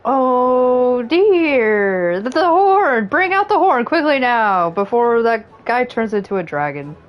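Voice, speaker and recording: A woman's voice: a little high, expressive, takes it slowly, muffled recording. Woman, game streamer, reads dialogue aloud, jokey asides, laughs often. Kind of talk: reading game dialogue aloud with casual commentary.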